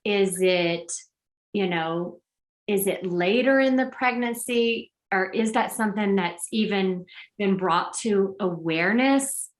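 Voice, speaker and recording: A woman's voice: mid-range voice, takes it slowly. Eager woman hosting a podcast. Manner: eager, searching for wording while asking. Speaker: podcast host. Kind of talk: casual interview.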